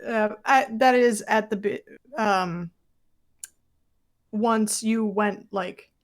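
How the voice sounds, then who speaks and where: Tabletop player, hesitant and halting, fills gaps with "like" and "uh". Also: medium pitch. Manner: halting, with restarts and fillers. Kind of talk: casual tabletop play.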